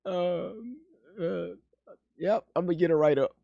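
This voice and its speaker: A man's voice: on the high side, brisk, vocal fry, dark tone, dry recording, muffled recording. A man hosting a reaction video, ranting bluntly with plenty of profanity. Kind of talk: casual commentary.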